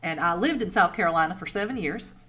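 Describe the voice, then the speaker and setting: Talking fast in a fairly low, expressive voice that sounds pushed and bright, a Boston-accented woman from Boston, United States, runs a casual stream. She rambles while responding to chat and laughs often.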